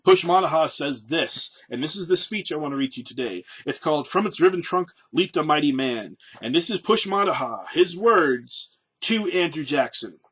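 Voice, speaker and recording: A man's voice: on the high side, lively intonation, moderate pace, fairly bright tone, husky. A man presenting a daily history segment in a casual, conversational way. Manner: conversational, with many fillers and restarts. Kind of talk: casual spoken history talk.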